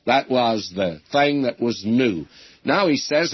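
Older male radio preacher, folksy and earnest, husky voice, dull old recording. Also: medium pitch, measured pace. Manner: folksy, earnest preaching, addresses listeners as friends. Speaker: radio Bible teacher. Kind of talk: sermon.

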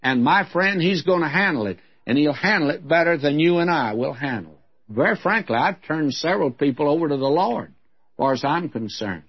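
A man's voice: a little high, expressive, normal speed, slightly rough, dull audio. A man giving a sermon as a Bible teacher, in a frank, folksy, conversational way.

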